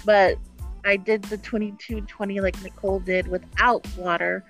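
A woman's voice: medium pitch, level tone, normal speed, a bit bright, soft background music. A woman co-hosting a casual chat, easygoing and giggly. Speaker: podcast co-host.

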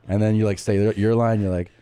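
Male podcast co-host, lowish, dry close studio sound, jokey storyteller. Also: steady tone, moderate pace, mellow, no echo. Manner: joking, acts out anecdotes. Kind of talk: casual comedy podcast chat.

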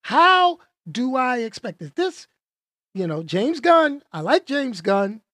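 Movie reviewer, casual vlog, emphatic, rhetorical questions, lively pitch, dry sound. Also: slow pace, no echo. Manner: emphatic, opinionated, rhetorical questions, repeats for effect.

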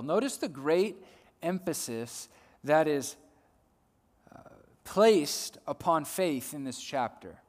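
A male preacher giving a sermon, swinging between loud emphasis and soft hushed lines, often repeating words as he builds a point. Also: fairly high pitch, big pitch swings, measured pace. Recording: long hall reverb.

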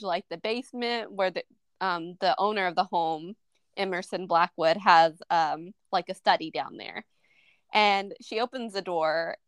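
Smooth-voiced woman recapping a movie. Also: mid-range voice, no room sound. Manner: recaps scenes at length with many fillers. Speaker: podcast co-host. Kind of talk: casual movie review chat.

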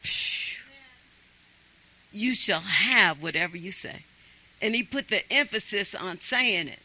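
A man's voice: high-pitched, pushed and bright, poor audio. A man preaching a sermon, emphatic and urging his congregation on.

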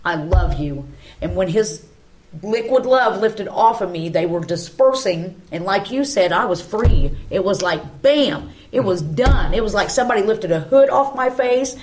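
A woman's voice: mid-range voice, animated, normal speed, darkish tone, a little hiss or hum. A woman, a guest at a church round table, telling an emotional personal testimony and acting out the dialogue in her story.

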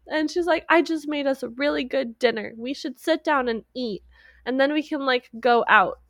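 A woman's voice: high-pitched, normal speed, no echo, studio quality. A woman co-hosting a podcast, casually recapping a movie and acting out the characters' lines with frequent laughs. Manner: animated retelling with quoted voices, frequent laughs. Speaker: podcast co-host.

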